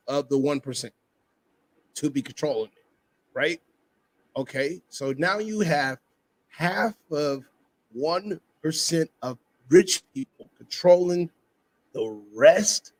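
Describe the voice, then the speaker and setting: A man's voice: on the high side, no room sound. A man co-hosting a podcast in casual chat, thinking aloud and working through numbers with many restarts.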